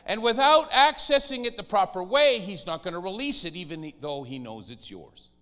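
A man preaching a sermon as pastor, animated and lively, sometimes mimicking whiny pleading voices. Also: sits high, normal speed, in a large hall.

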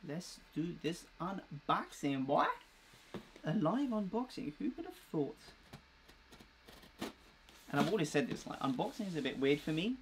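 A man's voice: fairly high pitch, sing-song, a little slow, pauses often, background noise. A young man chatting casually and rambling with slang while unboxing a new clothing order on a live vlog. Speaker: fashion vlogger.

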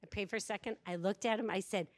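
A woman's voice: mid-range voice, fast. A woman giving a conference workshop talk to an audience, telling stories and acting out the quoted lines of people in them. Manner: animated storyteller, acts out quoted dialogue. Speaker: workshop speaker. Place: conference room before an audience.

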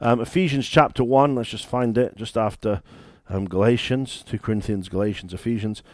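A man's voice: on the low side, normal speed, a little mellow, no room sound, studio quality. A British man, a church founder and pastor, preaching a sermon in a conversational, emphatic way with stories.

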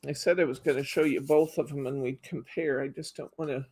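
A woman's voice: extremely low pitch, fairly even intonation, fairly quick, darkish tone, breathy edge. A middle-aged woman hosting a live craft demo, chatting casually and reading out viewer comments. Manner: chatty, reads out viewer comments, frequent laughs. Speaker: craft show host.

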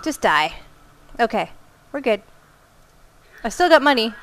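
A woman's voice: a little high, sing-song, measured pace, a bit bright, slight background noise. A woman giving let's play commentary as she plays, reacting aloud, exclaiming and muttering to herself. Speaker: gamer.

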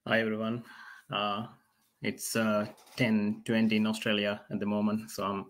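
Quiet even guy from sri lanka, lowish flat voice, talking on a video call. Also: moderate pace. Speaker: guest. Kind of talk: casual online talk.

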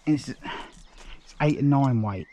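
A man commenting on his own fishing as he fights a fish, excited and muttering, straining with an aching arm. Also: medium pitch, takes it slowly, slight background noise. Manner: excited, breathless exclamations, muttered asides. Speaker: fishing vlogger. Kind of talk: live commentary while fishing. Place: outdoors by a lake.

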